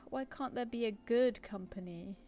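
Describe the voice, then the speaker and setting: A woman's voice: fairly high pitch, normal speed, dark tone. A woman with a British accent chatting casually with viewers while she works on a live stream, rambling with lots of fillers. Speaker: streaming artist.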